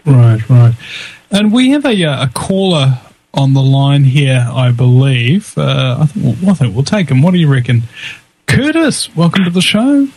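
A man's voice: mid-range voice, very animated, moderate pace, a little mellow, poor audio. A man hosting a talk radio show in a loose, chatty way, often restarting his words.

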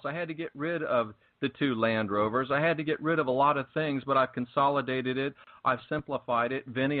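Over a tinny, phone-like line, a man with a medium-pitched voice hosts a spiritual talk show. There's no room sound, and he speaks with fervent, preachy emphasis in casual chat.

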